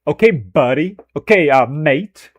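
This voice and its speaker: Editing footage while he talks to his chat, a male streamer rambles from one thought to the next, pokes fun at himself, and laughs often. His slightly high voice has lively intonation and an unhurried pace. The audio is close, dry, and dull, with no room echo.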